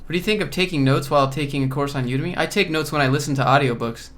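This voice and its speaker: A man from Georgia hosting a casual livestream Q&A from home, relaxed and offhand as he reads and answers chat questions. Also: a little high, rapid-fire. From Georgia, USA. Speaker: coding YouTuber host.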